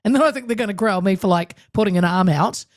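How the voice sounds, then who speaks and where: A radio talk show host, a woman, chats casually in an interview, speaking fast, emphatically and animatedly with many restarts. Her mid-range voice comes through a dry, clean studio recording.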